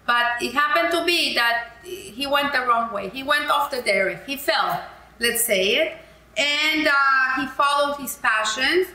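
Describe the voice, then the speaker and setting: A woman's voice: high-pitched, measured pace, bright, forceful tone, reverberant, poor audio. A woman giving a weekly Torah lesson, telling a story in an earnest, heartfelt way. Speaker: Torah teacher.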